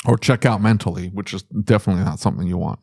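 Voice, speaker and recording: A man's voice: deep voice, racing, creaky, a little mellow, dry recording, studio quality. A man hosting a podcast, teasing his co-host and giving blunt, direct business advice. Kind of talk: casual podcast chat.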